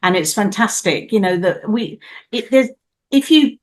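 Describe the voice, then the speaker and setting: A woman's voice: medium pitch, expressive, a little slow. An older woman, a guest performer, gushing with effusive praise in a casual studio interview.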